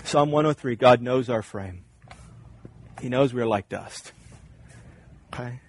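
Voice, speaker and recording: A man's voice: mid-range voice, takes it slowly. A man preaching a sermon as pastor, earnest and emphatic, repeating his key points.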